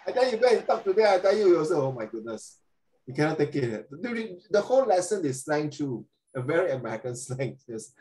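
An older man, teaching a lesson in a chatty, animated way and dropping in Chinese tag words. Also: a little high, a little fast, poor audio. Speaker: tutor. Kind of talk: online English lesson.

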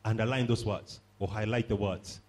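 A man's voice: lowish voice, steady tone, moderate pace, darkish tone. A man preaching a sermon, stressing points by repeating phrases and calling on the congregation to respond.

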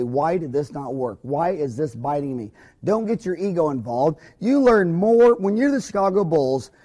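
This is a man with a high, mellow voice, a dentist giving an informal recorded lecture to fellow dentists. His delivery is emphatic and folksy, rambling along with plenty of asides.

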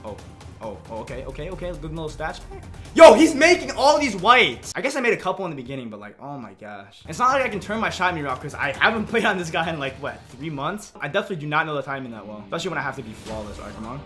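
A young man giving excitable live commentary on his own video game match, reacting loudly to each play. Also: a little high, quick pace, soft background music. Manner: excitable, reacts loudly to plays, frequent "yo" and "literally". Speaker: gaming YouTuber.

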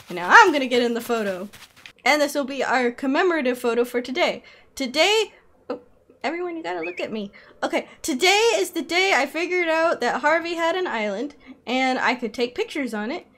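A woman streaming a video game, chatting casually, giggly and excitable, squealing when something delights her. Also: high-pitched, brisk. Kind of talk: casual gameplay commentary.

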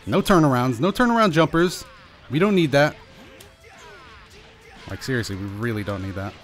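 A young man giving live commentary over his own fighting-game match, anxious and pleading with himself, his pitch jumping up and down. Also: expressive, moderate pace. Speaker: gaming channel host. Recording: faint music behind.

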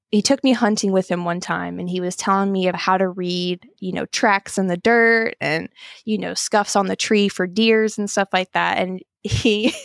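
A young woman in her twenties, a podcast guest, talking warmly and emotionally with frequent laughter. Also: medium pitch, creaky, dry recording, clean studio sound. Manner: warm, emotional and laughing often. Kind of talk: podcast interview.

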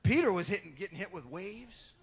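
Animated high-voiced male pastor. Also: a crowd in the background. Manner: animated, acts out the Bible scenes in quick voices and shouts; jokes with the congregation. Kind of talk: sermon.

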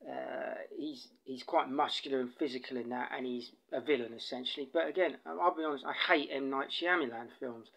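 A man's voice: mid-range voice, brisk, creaky, hardly any pauses, a bit bright. An Englishman with an English accent giving a casual spoken film review, rambling and digressive, with many fillers and restarts. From England.

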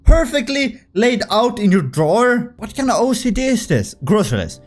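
A young man with a high, bouncy voice that leaps all over the place talks through a horror game. He is excitable and jokey and swears freely. Faint game music plays behind him. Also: moderate pace, hardly any pauses. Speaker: gaming video creator. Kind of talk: casual horror game commentary.

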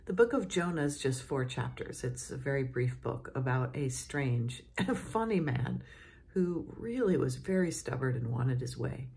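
A woman's voice: extremely low pitch, lively intonation, normal speed, vocal fry, darkish tone. A middle-aged woman, a cathedral dean, giving a morning devotion in a chatty storytelling manner and closing with a prayer. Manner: chatty storytelling, often chuckling.

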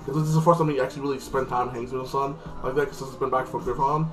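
A man rambles through a casual recap of a TV episode, stacking fillers and restarting his sentences. His voice sits back from the microphone. Loud music plays under him the whole time. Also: medium pitch, fairly even intonation, rapid-fire. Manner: rambling, filler-heavy, lots of "like". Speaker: TV episode reviewer. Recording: distant mic with loud music.

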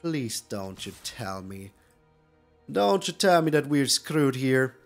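A man's voice: mid-range voice, sing-song, slow, vocal fry, faint music behind. A man hosting a gaming channel, giving live gameplay commentary with theatrical groans and pleas at his opponent.

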